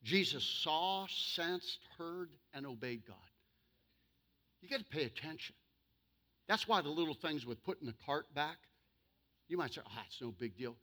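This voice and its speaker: A male pastor preaching to his church, humorous, with sudden loud bursts and slow, emphatic stretches. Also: on the high side, animated. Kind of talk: sermon.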